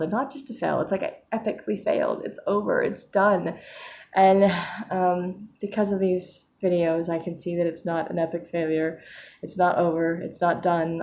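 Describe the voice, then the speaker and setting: A woman talks into her camera at home, keeping a candid video diary in a somewhat low voice. She speaks hesitantly and softly, with frequent fillers, and sounds a little worn from crying earlier. Faint background noise sits under the recording. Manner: hesitant, soft-spoken, many fillers. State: recently crying. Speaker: vlogger.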